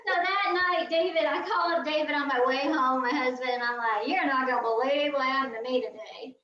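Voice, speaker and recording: Animated woman telling a story. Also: high voice, fairly quick. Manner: lively, acts out voices in her story. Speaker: guest quilter. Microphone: video call. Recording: roomy, distant, dull video call audio.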